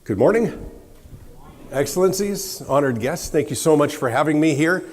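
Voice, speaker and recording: Animated American man in a big hall. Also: on the high side, moderate pace. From United States. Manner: animated, storytelling, clears throat and coughs. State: slightly hoarse from a cough. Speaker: keynote speaker. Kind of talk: conference keynote talk. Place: large conference hall. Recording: reverberant hall sound.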